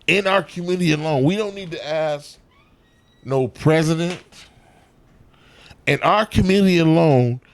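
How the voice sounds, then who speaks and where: A man, an actor and comedian, telling profane, animated stories in a casual interview backstage at a comedy club. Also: a little high, moderate pace, pauses often. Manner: profane, animated storytelling with acted-out quotes.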